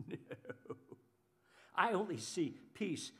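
A man preaches a sermon with a notably high voice for a man. He is animated and expressive, jumping into the voices of the people he describes. He often repeats a word or two before going on. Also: measured pace. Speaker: pastor.

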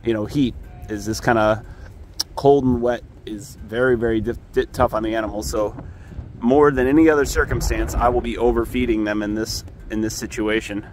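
Out in the wind, a farmer films his animals on a handheld camera and talks through his vlog in a low, steady, slightly mellow voice at normal speed. He rambles casually and pokes fun at himself.

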